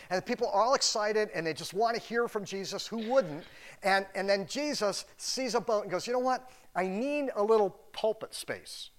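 A middle-aged male pastor delivers a sermon with a noticeably high-pitched voice. He talks casually and rambles, restarting phrases and dropping in playful asides as he retells the story for his listeners. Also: fairly bright tone.

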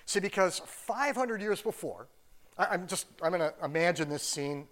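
A pastor gives a sermon in a relaxed, conversational manner, scattering "like" throughout his sentences. His voice is slightly high, his pace normal, and his delivery animated yet easygoing.

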